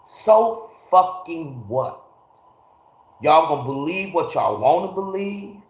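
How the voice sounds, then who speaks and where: Streaming live on his phone from a garage, a man rants bluntly, curses freely and greets chat viewers by name. His slightly high voice has big pitch swings and a slow pace, and the room lends it a hollow, echoing ring.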